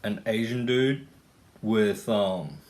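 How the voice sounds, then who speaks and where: Rambling Australian man, lowish voice. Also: slow, darkish tone. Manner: rambling, profane, full of fillers. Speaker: vlogger. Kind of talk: casual rant to camera.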